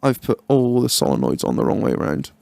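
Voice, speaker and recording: A young man hosting a podcast in casual chat, a lively, sweary storyteller who acts out his own lines. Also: medium pitch, fast, vocal fry, dry recording, clean studio sound. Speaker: podcast host.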